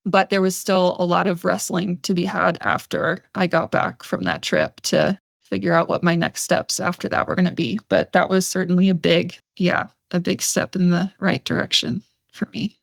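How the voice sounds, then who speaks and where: A woman telling her story as a podcast interview guest, chatty, with many fillers and lively quoted dialogue. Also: lowish voice, normal speed, gravelly, no echo, studio quality.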